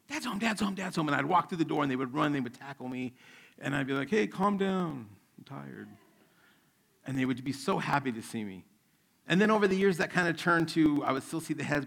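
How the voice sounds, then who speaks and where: A middle-aged man, a pastor, preaching a sermon in a relaxed, conversational way with stories from home. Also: mid-range voice, creaky. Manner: conversational preaching, acts out his kids' voices.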